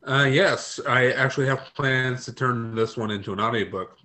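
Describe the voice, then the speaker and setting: A man, an author being interviewed, speaking in a hesitant, low-key way with many ums. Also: moderate pace, bright, forceful tone, slight background noise. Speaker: author guest. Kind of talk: casual interview chat.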